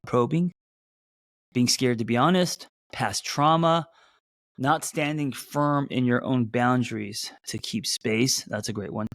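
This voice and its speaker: A man who hosts as a therapist, talking loosely to a live audience, with many fillers and restarts, and a voice that sometimes jumps up high. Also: no echo, studio quality. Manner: voice jumps up in pitch at times. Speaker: therapist and podcast host. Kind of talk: casual live-stream talk.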